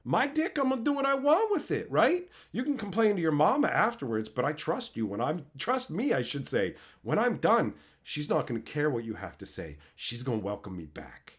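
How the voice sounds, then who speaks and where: A man's voice: on the high side, moderate pace, hardly any pauses. A man streaming, telling stories in a brash, snarky, profane way, from Canada. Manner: profane, animated storytelling. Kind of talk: casual stream chat.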